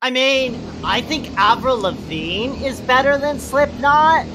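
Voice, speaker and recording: A woman co-hosting a comedy podcast, reading and mocking forum posts in a sarcastic, deadpan way. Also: high-pitched, slow, slight background noise. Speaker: podcast co-host.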